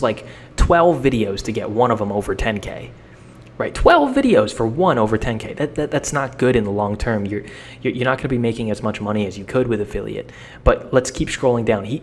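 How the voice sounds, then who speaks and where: A man's voice: medium pitch, husky. Blunt, slangy young man coaching. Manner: energetic, blunt and slangy, with frequent repeats. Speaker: social media coach. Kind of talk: casual how-to talk.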